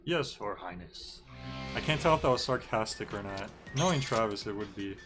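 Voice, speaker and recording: A man's voice: fairly low pitch, expressive, fast. A man streaming a video game, chatting in an easygoing, rambling way with lots of fillers. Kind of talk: casual gameplay commentary. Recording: game music playing behind.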